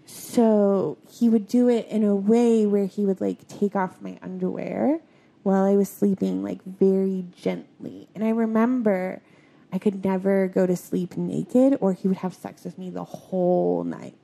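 A young adult woman talking in a halting, soft-spoken way, her sentences full of filler words, in a confessional conversation. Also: mid-range voice, level tone, vocal fry.

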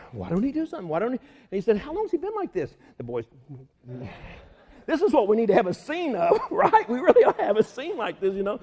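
A man preaches in a big echoing hall, his voice high and swinging widely in pitch. He acts out the story's voices and breaks into laughter, and the long reverb trails every line. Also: dark tone. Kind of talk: sermon.

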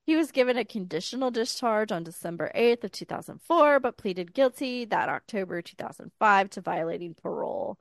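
A woman in her thirties co-hosting a podcast, retelling a life story in casual chat with a smooth public-radio style voice and wry, deadpan asides. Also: mid-range voice, fairly quick, few pauses, no echo. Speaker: podcast co-host.

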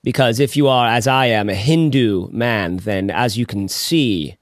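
A man putting on the voice of a pompous older male philosopher, deep and drawn-out, in a podcast chat. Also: no room sound, clean studio sound, close to an everyday voice. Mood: grandly musing.

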